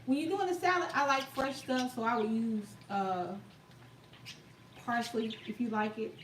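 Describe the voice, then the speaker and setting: Lady hosting a live stream, high voice, folksy and emphatic, sounds far off the mic with some echo and birds. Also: normal speed. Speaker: cooking live-stream host. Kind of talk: casual live-stream chat. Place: outdoors. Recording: echoey, distant mic, faint outdoor noise.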